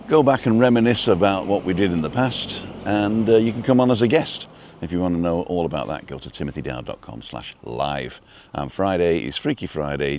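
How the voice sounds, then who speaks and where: A man with a low, deep voice chats away casually on a live stream while walking down a street outdoors. He rambles, greets viewers by name, and talks into a phone held on a selfie stick. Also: darkish tone, a little hiss or hum. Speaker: vlog host.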